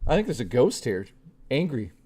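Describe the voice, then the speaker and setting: A man's voice: medium pitch, very animated, normal speed, warm tone, husky. A male streamer telling a story to his live chat in a blunt, profane, chatty way, speaking straight to his viewers.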